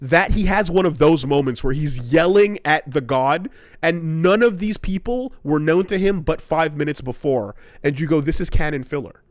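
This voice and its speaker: Brief: podcast host, man, somewhat higher voice, cursing storyteller, dry close mic. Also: animated, moderate pace, dry recording. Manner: profane, rambling storytelling rant. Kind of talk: casual podcast chat.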